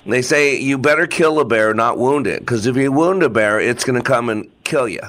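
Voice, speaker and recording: A man's voice: medium pitch, moderate pace, a bit bright. A man hosting a podcast, speaking earnestly and reflectively in casual conversation. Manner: earnest and reflective, with fillers and restarts. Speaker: podcast host.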